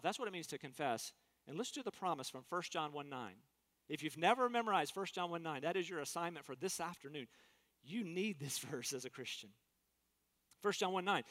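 A man's voice: fairly high pitch, lively intonation, fairly quick, fairly bright tone. A man preaching a sermon as pastor, earnest and emphatic, acting out quotes in different voices. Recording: long hall reverb.

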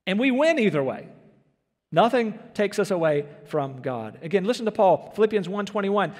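A man's voice: high voice, very animated, moderate pace, darkish tone, long reverb tail. A man preaching a sermon as pastor, earnest and emphatic, asking his listeners questions.

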